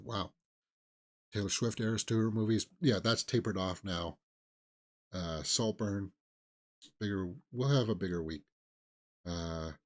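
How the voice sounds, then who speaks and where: A man hosting a casual movie news stream, rambling and opinionated, with lots of fillers and restarts. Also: fairly low pitch. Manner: sarcastic, mocking impressions of celebrities. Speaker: movie news show host. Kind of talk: casual live-stream chat.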